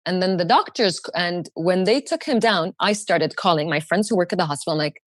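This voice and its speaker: A woman's voice: a little fast, hardly any pauses, no echo, studio quality. A young woman, a podcast guest telling a personal story with animation, and she acts out the other people's lines. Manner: animated, acts out quoted voices in higher pitch.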